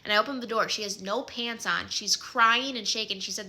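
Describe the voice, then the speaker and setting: Midwestern woman, 30s, casual chatty storyteller, sharp bright voice, loose with fillers. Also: medium pitch, a little fast, few pauses. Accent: Midwestern American.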